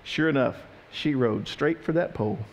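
Animated preacher man telling a story. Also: mid-range voice, moderate pace, a little hiss or hum. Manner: animated storytelling, questioning the congregation. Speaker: pastor. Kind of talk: sermon.

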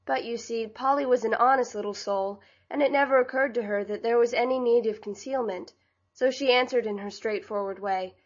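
A woman reads a classic novel aloud in a measured, scripted narration. Her voice sits somewhat high. The recording is slightly dull and lo-fi. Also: steady tone. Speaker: audiobook narrator.

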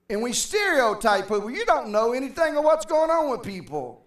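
Recorded from afar in a roomy church sanctuary, a middle-aged man preaches as pastor in an extremely high, somewhat bright voice with big pitch swings. He talks a little fast with few pauses, conversational and calling out to his congregation.

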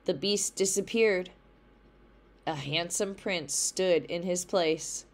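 Slow, careful woman reading aloud. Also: fairly low pitch. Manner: slow, careful read-along pace. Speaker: teacher. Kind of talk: reading a storybook aloud for a lesson.

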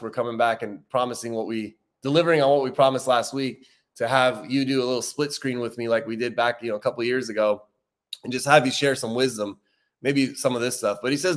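A man hosting a recovery livestream in a relaxed, conversational way. He often repeats his key points for emphasis and slows down on important lines. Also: medium pitch. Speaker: recovery talk host. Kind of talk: casual livestream talk.

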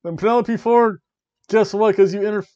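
A man hosting a wrestling review podcast, ranting and joking sarcastically in a casual, animated way. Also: high voice, brisk, smooth, dry recording. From Florida, USA. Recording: dull lo-fi dry recording.

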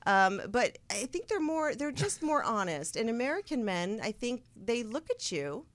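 A woman's voice: a little high, sing-song, moderate pace, no room sound. A young woman hosting a casual chat show, rambling through stories and laughing often. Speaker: show host.

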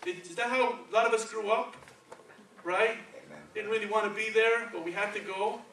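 Spanish-accented guy giving a sermon, keeps asking okay right, high sharp tone, faint room hiss. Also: fairly even intonation, moderate pace. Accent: Spanish-accented English. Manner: conversational, checks in with "okay" and "right". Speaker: preacher. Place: church sanctuary. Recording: echoey church, from far off.

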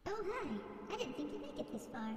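A woman's voice: very high-pitched, sing-song, a little fast. A woman voicing a small, teasing ghost girl in a video game, speaking in a sly, sweetly mocking way.

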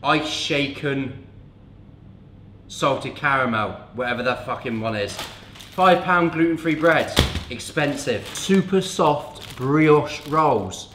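A man's voice: medium pitch, noisy background. A young man, a fitness coach, chatting casually in a vlog, joking and swearing freely. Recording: echoey room.

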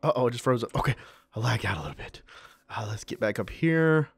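A man's voice: medium pitch, lively intonation, fast, husky, no room sound. A man giving casual, chatty commentary while playing a video game, often yelping when startled. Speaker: let's play gamer.

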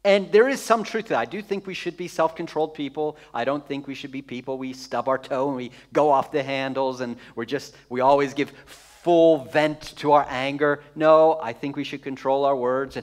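A man's voice: medium pitch, moderate pace, hardly any pauses. A man preaching a sermon as pastor, conversational and emphatic, repeating phrases for effect with touches of humor.

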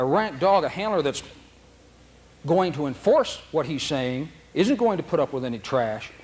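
A man teaching a dog training seminar, telling stories with frequent laughs and acting out the dogs and handlers. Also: medium pitch. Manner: anecdotal, laughs often, acts out dogs and handlers. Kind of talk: seminar lecture.

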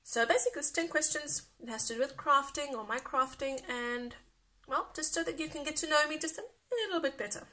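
Bright-voiced woman with South African accent. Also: high voice, a little fast, hardly any pauses. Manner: chatty, rambling, laughs often. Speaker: craft YouTuber. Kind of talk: casual vlog chat.

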